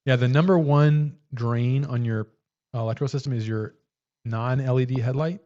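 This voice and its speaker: Relaxed man chatting on a lo-fi stream. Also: mid-range voice, moderate pace. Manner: relaxed, hesitant, many fillers. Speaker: livestream host. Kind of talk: casual livestream chat.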